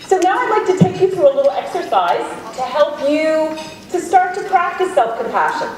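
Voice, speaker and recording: A woman's voice: sits high, a little hiss or hum. A middle-aged woman giving an encouraging keynote talk to a live audience in a large hall, sometimes acting out inner voices. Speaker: keynote speaker. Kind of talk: motivational keynote talk with guided exercise. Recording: very echoey hall, voice from far off.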